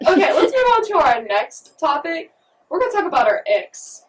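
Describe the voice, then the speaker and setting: A woman's voice: high-pitched, very animated, recorded from a distance, poor audio. A teenage woman co-hosting a casual chat, blunt and opinionated. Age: late teens. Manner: blunt, opinionated, quick to laugh. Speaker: co-host.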